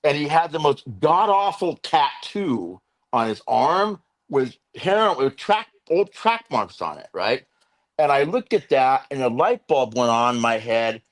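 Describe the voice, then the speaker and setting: Middle-aged guy telling his story, lively, acts out what people said, lots of "you know". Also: medium pitch, unhurried. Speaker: guest, interventionist and veteran. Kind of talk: candid storytelling interview.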